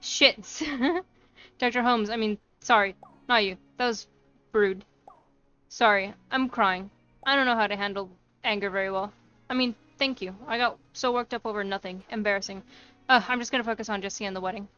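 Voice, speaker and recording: A woman's voice: medium pitch, steady tone, moderate pace, pushed and bright, clean tone, highs cut off, lightly acted. A woman reading a flustered, chatty young bride-to-be from a game. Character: nervous young bride-to-be planning a DIY wedding. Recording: faint music behind.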